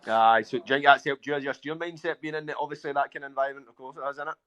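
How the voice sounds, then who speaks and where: Very fast-talking host. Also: male voice, medium pitch, steady tone, fairly bright tone, clean tone, dull audio. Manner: chatty, uses innit and aye, short prompts. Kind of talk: casual live interview. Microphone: video call.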